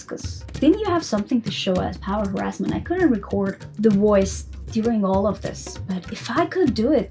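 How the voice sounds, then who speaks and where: Animated high-voiced woman telling a story. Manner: animated, frank, acts out quoted dialogue. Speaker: vlogger. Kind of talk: casual storytelling to camera. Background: soft background music.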